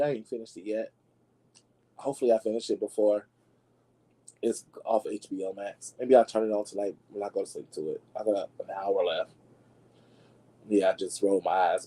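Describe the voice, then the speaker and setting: A man hosting a talk show, gossiping in a sassy, animated way and talking straight to his listeners. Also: fairly low pitch, husky, rough recording. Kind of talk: casual gossip commentary.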